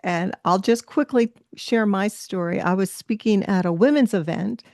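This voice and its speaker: A woman's voice: medium pitch, normal speed, a little mellow, dry recording, studio quality. A woman hosting a podcast interview, talking in an effusive, encouraging way and sharing a personal story. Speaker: podcast host.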